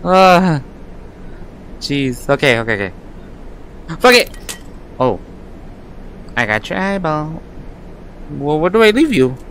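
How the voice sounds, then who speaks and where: A man's voice: a little high, big pitch swings, normal speed, pauses often, fairly bright tone, a little hiss or hum. A young man giving casual gameplay commentary, jittery and swearing, laughing nervously. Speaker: gaming YouTuber.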